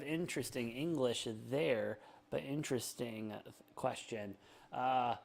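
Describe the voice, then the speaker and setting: A young man hosts a live sports betting stream, calling plays quickly and bantering between them. His voice sits at an ordinary middle pitch, energetic and chatty. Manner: rapid, energetic play-by-play with self-deprecating banter. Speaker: sports betting show host. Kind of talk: live sports commentary and chat.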